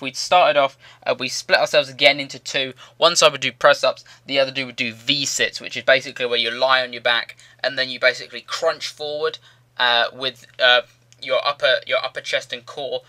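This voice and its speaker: A man's voice: medium pitch, pushed and bright, no echo. A young man chatting casually to viewers in a gaming commentary, rambling and repeating himself. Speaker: gaming YouTuber. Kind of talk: casual commentary over gameplay.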